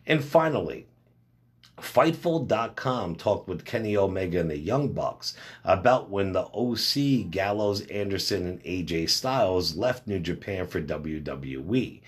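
A man's voice: low-pitched, expressive, measured pace, breathy edge. A man hosting a wrestling news podcast, reading stories and quotes aloud with casual asides. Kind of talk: read-out news roundup.

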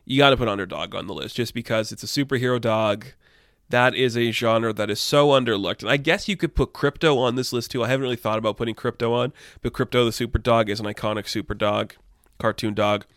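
A man's voice: mid-range voice, quick pace, fairly bright tone, no room sound, studio quality. A young man talking loosely and irreverently in a casual opinion monologue, swearing now and then. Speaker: commentator.

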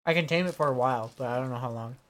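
A man's voice: mid-range voice, racing, a bit bright. A young man co-hosting a casual podcast, laughing and reading out party-game prompts during a spicy food challenge. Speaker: podcast co-host. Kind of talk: casual chat.

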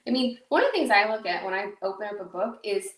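A woman's voice: medium pitch, big pitch swings, quick pace, fairly bright tone, far from the mic. Woman podcast host, casual and rambling, jokes at herself, echoey room, off-mic. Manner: rambling, chatty, self-mocking, many fillers. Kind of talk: casual solo podcast talk.

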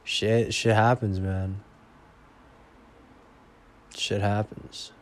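A man's voice: on the low side, flat delivery, drawn-out words, a little hiss or hum. A young man vlogging in a rambling, profane casual monologue that often trails off into mumbles.

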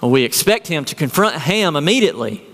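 A man's voice: a little high, very animated, fairly quick, fairly bright tone. Earnest male pastor preaching in a hall. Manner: earnest preaching with rhetorical questions. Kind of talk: sermon.

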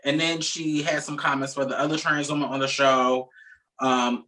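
A man co-hosting a podcast, reading a news article aloud in a brisk way with casual asides between passages. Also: medium pitch, little pitch movement, bright, forceful tone, far from the mic, poor audio. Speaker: podcast co-host.

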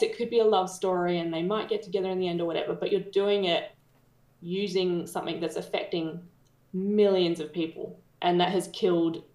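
An Australian woman co-hosts a casual podcast, ranting bluntly and swearing freely. Her voice sits at an ordinary pitch and carries a noticeable roomy echo. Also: a little mellow. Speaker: podcast co-host. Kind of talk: casual chat.

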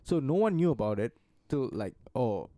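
A man's voice: mid-range voice, big pitch swings, normal speed, dark tone, no room sound. A man co-hosting a casual podcast, explaining things at length in a loose, swearing way. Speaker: podcast co-host.

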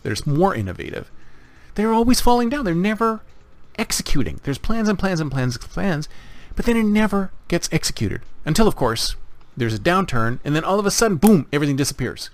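A man hosting a podcast monologue, speaking emphatically and repeating phrases for effect. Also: a little high. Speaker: podcast host.

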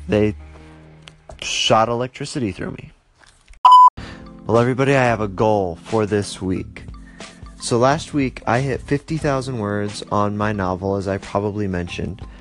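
A young man casually telling stories to his viewers, rambling with lots of fillers and restarts and livening up when he reacts. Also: lowish voice. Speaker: vlogger. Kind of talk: casual storytelling to camera.

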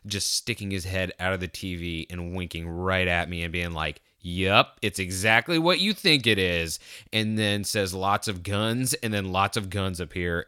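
A low-voiced man talks alone on his podcast, rambling and poking fun at himself. His voice comes through smooth and clear, and the close mic leaves almost no room sound. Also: sharp tone, no room sound. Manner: rambling, jokey, self-mocking. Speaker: podcast host. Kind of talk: solo podcast monologue.

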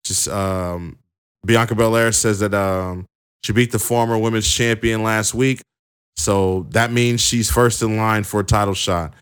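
A man's voice: lowish voice, steady tone, a little slow, a bit bright, clear, resonant tone. A young man recapping a wrestling show in a casual, chatty way with plenty of fillers. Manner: chatty, many fillers and restarts.

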